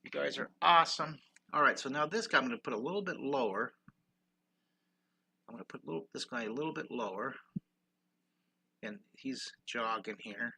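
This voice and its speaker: A man's voice: mid-range voice, normal speed, creaky, long pauses, pushed and bright, husky. An older man teaching a live-stream drawing lesson, upbeat and encouraging, greeting viewers while he draws.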